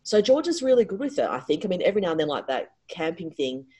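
A middle-aged woman, a guest on an interview, telling a personal story in a casual, animated way with frequent restarts. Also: on the low side, fast talker, breathy edge, low-quality recording.

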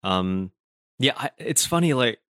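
A man's voice: medium pitch, lively intonation, measured pace, a bit bright, no echo, studio quality. A young man from Brooklyn with a general American accent, a voice actor chatting casually and rambling through stories with many fillers. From Brooklyn, New York. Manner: rambling, hesitant storytelling with fillers. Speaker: voice actor guest. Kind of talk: casual chat.

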